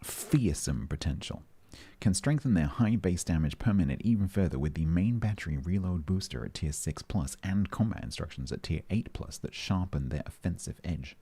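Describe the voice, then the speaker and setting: A very deep, dark-toned man talks casually into a desk mic as he streams, reading update notes aloud and breaking off to joke with his chat. His voice is husky and mellow. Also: expressive, normal speed, hardly any pauses. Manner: chatty, jokey, reads aloud and breaks off to answer chat.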